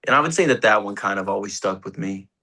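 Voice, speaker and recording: A man's voice: on the low side, animated, fast, sharp tone. A young man, an actor, chatting casually in an interview, rambling and laughing as he tells set stories. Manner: laid-back, rambling, laughs often, swears casually. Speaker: actor guest.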